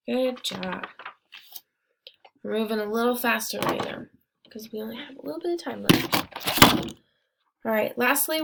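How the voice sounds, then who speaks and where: A young woman teaching a small phonics lesson, speaking slowly and sounding out each word syllable by syllable. Her voice sits somewhat high, and she keeps praising the class as they work. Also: gravelly, background noise. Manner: encouraging, repeats words slowly and syllable by syllable.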